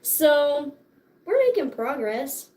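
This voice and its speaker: Bubbly, high-pitched young woman chatting slowly. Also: sing-song, mellow. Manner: bubbly, profane, laughs often. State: tired and sore after dance class. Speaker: livestream host. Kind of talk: casual livestream chat.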